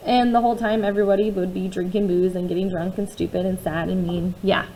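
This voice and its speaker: A woman's voice: medium pitch, flat delivery, quick pace, hardly any pauses, slight background noise, rough recording. Woman reading a first-person novel, confiding. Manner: quiet, confiding, with conversational asides. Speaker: audiobook reader.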